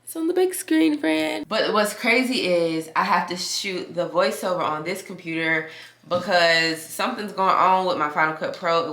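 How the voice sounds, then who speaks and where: A tired woman vlogger chats casually to the camera in the indoor rooms of her home, calling viewers y'all and friend. Her deep voice has a fairly bright tone, and the room sounds echoey.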